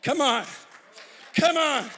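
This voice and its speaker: Male preacher, very high and bright voice, slow shouted delivery, long hall reverb, repeats "come on". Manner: repeats "come on" constantly, call-and-response urging. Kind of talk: shouted revival sermon. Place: large church hall.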